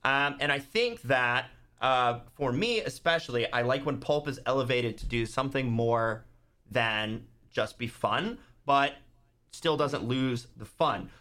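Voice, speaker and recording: A man's voice: mid-range voice, sharp tone. A man guest on a podcast, talking casually and acting out movie scenes in quoted voices. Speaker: podcast guest, YouTuber and author. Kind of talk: casual chat.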